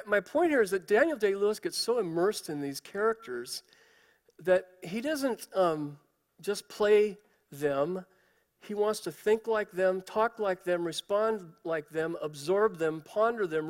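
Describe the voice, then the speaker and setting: Man, pastor, casual storytelling sermon, somewhat high voice, big hall reverb. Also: lively intonation, unhurried. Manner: conversational, storytelling with fillers.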